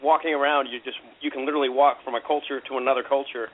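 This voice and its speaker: Fast-talking man on a tinny line. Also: mid-range voice. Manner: excitable, stumbling restarts. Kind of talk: casual chat. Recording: tinny phone-like audio.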